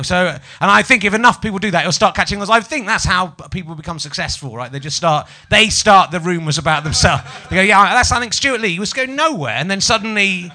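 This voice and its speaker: A bright, fairly high-voiced man in his forties from Yorkshire, with a light Yorkshire accent, hosting a live comedy podcast. He chats loosely and mocks himself while needling the audience. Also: a little fast, hardly any pauses, slight background noise. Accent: Yorkshire English. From Yorkshire, England. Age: 40s. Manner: chatty, self-mocking, teasing the audience. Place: small live venue with audience.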